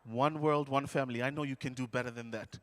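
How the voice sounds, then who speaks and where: A man from Fiji, leading a live audience through a call-and-response lesson on stage with an energetic, coaxing manner. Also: mid-range voice, fast talker. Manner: energetic, coaxing, counts the crowd in. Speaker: stage presenter teaching an audience. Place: large indoor hall, live event. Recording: echoey large hall.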